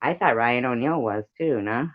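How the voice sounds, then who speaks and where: A man's voice: mid-range voice, normal speed, no room sound. Chatty man hosting a live stream. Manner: chatty, laughs often, jokey. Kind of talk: casual live-stream chat. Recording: dull, lo-fi sound.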